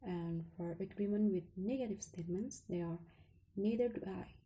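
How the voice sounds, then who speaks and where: A woman presenting an English test lesson, slowly listing rules and example phrases. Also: mid-range voice, warm tone, rough recording. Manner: slow listing reading, some words whispered. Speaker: student presenter. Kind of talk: reading lesson slides.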